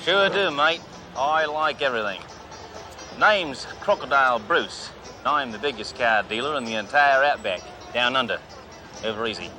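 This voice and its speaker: A man's voice: medium pitch, animated, moderate pace, sharp tone, soft background music, low-quality recording. An actor doing a put-on Australian accent as a boastful male tycoon, with a blustery, bragging delivery. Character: loud fake Aussie tycoon, boastful male car buyer.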